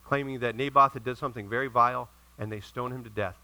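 A middle-aged male pastor preaching a sermon, retelling stories in a lively way and acting out the characters' lines. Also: mid-range voice, fast talker, few pauses, poor audio. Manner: animated storytelling with acted-out quotes.

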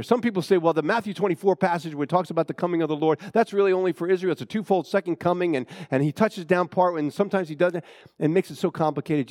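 A middle-aged man preaches a sermon, asking his listeners for amens. His voice sits a bit high for a man, rising loud for emphasis and dropping low and quiet between points. The sound is dry and close. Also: no echo. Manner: preaching with call-and-response, asks for amens. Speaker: pastor.

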